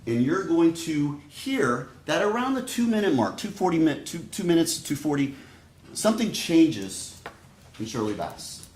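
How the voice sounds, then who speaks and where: A man giving a prosecutor's opening statement to a jury, speaking deliberately and straight to the jurors. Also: fairly high pitch, big pitch swings, a little mellow, a little hiss or hum. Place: courtroom. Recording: echoey courtroom audio.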